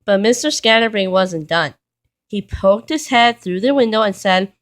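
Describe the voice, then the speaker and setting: A woman reading a children's storybook aloud in a plain, steady way. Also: mid-range voice, normal speed. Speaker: reader.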